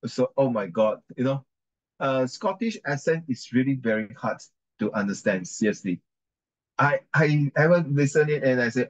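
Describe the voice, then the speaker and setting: A man's voice: mid-range voice, moderate pace, lo-fi sound. Guy teaching english reading, chatty, keeps correcting himself. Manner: chatty, repeats and corrects himself, mixes in Chinese. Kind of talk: reading class with commentary.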